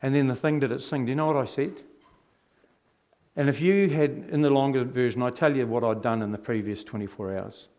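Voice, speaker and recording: Middle-aged New man, mid-range voice, animated testimony speaker who throws rhetorical questions at the room. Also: medium pitch, fairly quick. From New Zealand. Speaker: speaker giving his testimony. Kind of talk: personal testimony storytelling.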